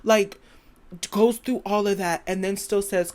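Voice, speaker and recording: A woman's voice: mid-range voice, steady tone, a little slow, darkish tone. A woman hosting her own podcast, talking in a rambling, emphatic stream of thought and stopping to quote song lyrics. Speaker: podcast host. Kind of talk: casual opinion monologue.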